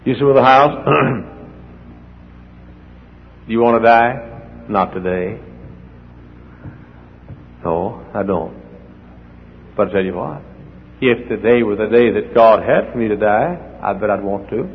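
An older man preaching a sermon as the pastor, swinging from hushed asides to near-shouts as he acts out the people in his stories. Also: lowish voice, takes it slowly, pauses often. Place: church hall. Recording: dull echoey hall with faint noise.

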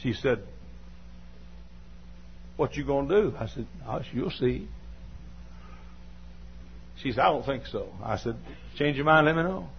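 Folksy Southern preacher telling a story. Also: male voice, mid-range voice, animated, unhurried, creaky, long pauses, a little hiss or hum. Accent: Southern American. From American South. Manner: folksy, scolds the audience, bursts into shouts. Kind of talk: sermon storytelling. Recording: dull lo-fi sermon recording.

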